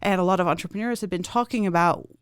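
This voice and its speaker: A woman's voice: lowish voice, quick pace, clear, resonant tone. A woman guest talking casually about her work, rambling with many fillers. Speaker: guest, arts project manager. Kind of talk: casual chat.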